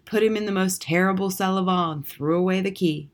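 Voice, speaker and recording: A woman's voice: mid-range voice, a little fast, natural voice. A woman doing a gossipy old-world fishmonger. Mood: matter-of-fact. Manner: folksy, ungrammatical working-class speech. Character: earthy male fishmonger, gossipy storyteller.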